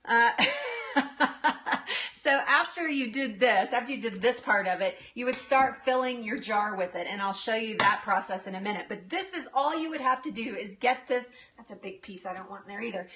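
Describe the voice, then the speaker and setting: A woman's voice: on the high side, lively intonation, moderate pace, sharp tone. A woman hosting a casual live cooking demo, chatting with viewers and laughing often. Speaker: live-stream cooking host. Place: home kitchen.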